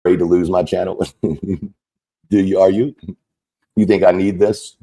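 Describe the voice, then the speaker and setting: A man's voice: low-pitched, little pitch movement, measured pace, warm tone. A man delivering an angry, profane, mocking rant as a content creator. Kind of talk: angry ranting monologue.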